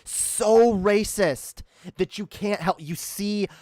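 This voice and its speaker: A man's voice: sits high, takes it slowly, a little mellow, no echo, clean studio sound. A man giving casual, profane reaction commentary on a video, incredulous and rambling. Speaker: commentary streamer.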